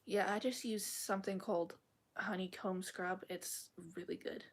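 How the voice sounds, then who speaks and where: Husky gravelly woman chatting on a live stream. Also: medium pitch, steady tone, moderate pace. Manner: rambling, often drops into a whisper. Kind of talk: casual live-stream chat. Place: bedroom at home.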